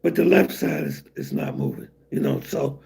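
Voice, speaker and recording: A man hosting a casual livestream, answering chat in a weak, raspy, breathy voice, rambling with many fillers. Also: mid-range voice, huge pitch swings, moderate pace, mellow. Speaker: livestream host reading chat.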